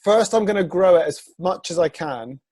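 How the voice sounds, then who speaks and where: Host: a laid-back guy who jokes at his own expense, voice a touch high. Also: animated, moderate pace, a little mellow. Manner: joking, self-deprecating, laid-back. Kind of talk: casual podcast chat.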